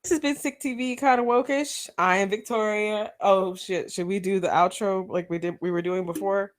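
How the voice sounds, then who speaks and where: A woman's voice: mid-range voice, steady tone, normal speed. A woman co-hosting a podcast, chatting casually and frankly with easy laughs. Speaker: podcast co-host.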